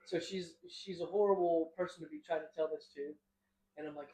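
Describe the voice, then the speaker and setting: A man's voice: a little high, steady tone, fairly quick, mellow, reverberant, rough recording. A young man co-hosting a podcast, telling stories in a casual, rambling way, often laughing and acting out what people said. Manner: rambling, laughing, acts out quotes. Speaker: podcast co-host. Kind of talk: casual storytelling.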